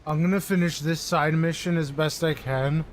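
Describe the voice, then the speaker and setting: A man's voice: fairly high pitch, fairly even intonation, normal speed, a little hiss or hum. Tipsy, rambling male gamer. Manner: rambling, apologetic. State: intoxicated. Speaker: gaming streamer. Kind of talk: casual let's-play commentary.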